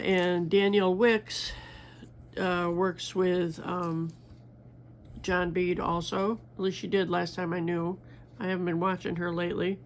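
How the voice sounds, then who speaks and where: A woman's voice: fairly low pitch, gravelly, a little hiss or hum. An older woman chatting casually while she makes a bracelet, rambling with many fillers and restarts. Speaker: crafting vlogger. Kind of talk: casual chat while beading.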